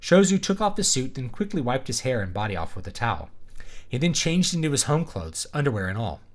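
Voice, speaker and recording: Lively man reading aloud. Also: medium pitch, a little fast. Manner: wry, laughing asides. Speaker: author reading aloud on a livestream. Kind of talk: casual live reading with chat banter.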